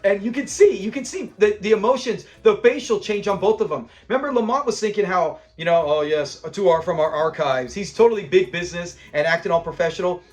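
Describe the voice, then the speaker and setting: A man's voice: high voice, fast talker, few pauses. A man hosting a casual breakdown of a classic sitcom episode, chatty and enthusiastic, often laughing as he recaps scenes. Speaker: show review host.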